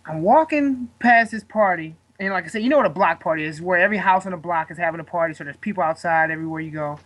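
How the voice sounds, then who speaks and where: A man's voice: sits high, quick pace, fairly bright tone. A man in his twenties, a guest fighter, telling a story in casual chat, rambling and swearing with lots of fillers.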